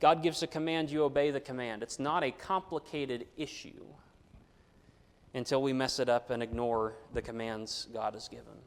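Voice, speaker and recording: A man's voice: medium pitch, steady tone, moderate pace. A man preaching a sermon, earnest, briefly voicing quoted Bible figures. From United States. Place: church sanctuary. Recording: long hall reverb.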